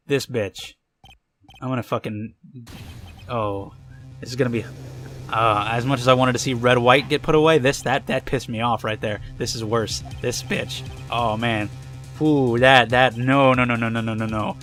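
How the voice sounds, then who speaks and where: Swearing, excitable young gamer guy. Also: mid-range voice, normal speed, faint music behind. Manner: excitable, swears a lot, angry outbursts. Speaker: let's play gamer. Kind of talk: casual gameplay commentary.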